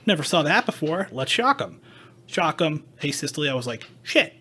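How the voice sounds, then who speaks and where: A man's voice: on the high side, big pitch swings, normal speed, pushed and bright, slightly rough. A man hosting a podcast, telling a story in casual chat, acting out quoted dialogue and swearing freely. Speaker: podcast host.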